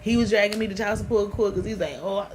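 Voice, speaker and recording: A woman's voice: medium pitch, fairly even intonation, quick pace. New york woman vlogging her story, raw and emotional, noisy recording. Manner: candid, emotional, slangy. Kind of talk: casual storytelling to camera.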